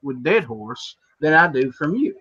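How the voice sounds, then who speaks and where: Husky West Virginia man, thick accent. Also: on the high side, very animated, a little slow, sharp tone. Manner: folksy, storytelling, repeats words. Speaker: podcast host. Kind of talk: casual chat. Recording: dull lo-fi audio.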